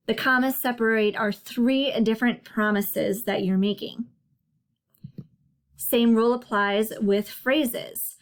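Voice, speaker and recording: A woman narrating a slide lesson as a writing tutor, explaining patiently and slowing down to stress each example. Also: fairly high pitch, fairly even intonation. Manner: clear, patient explaining with slow emphasis on examples.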